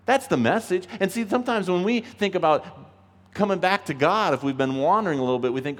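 A man preaching a sermon as a pastor, emphatic and animated, acting out the voices he quotes. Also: brisk. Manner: emphatic, acts out quoted voices, rises in pitch when pleading. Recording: long reverb of a large hall.

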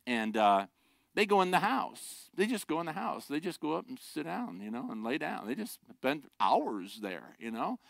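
A man's voice: a little high, sing-song, normal speed, creaky, fairly bright tone, no echo. A middle-aged man preaching a sermon, a pastor who talks conversationally and jokes with the congregation. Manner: conversational, joking asides to the congregation.

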